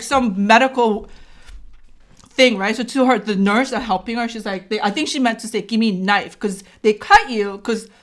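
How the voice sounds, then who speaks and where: A woman vlogger with a voice on the high side tells a personal story casually. She acts out the dialogue and keeps checking in with "right?".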